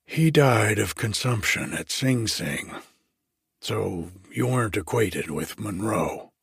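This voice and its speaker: A man voicing an obsequious, chatty male prison cook who keeps saying "sir" in folksy speech, in a slow, husky storybook reading. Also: lowish voice, lively intonation, fairly bright tone, no echo, studio quality, full character voice. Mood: gossipy.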